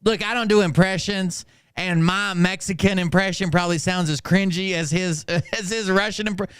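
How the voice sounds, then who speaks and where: A man's voice: sits high, steady tone, moderate pace, a bit bright, clear, resonant tone, dry recording, studio quality. A man hosting a reaction commentary, making sarcastic, mocking asides. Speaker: commentary host.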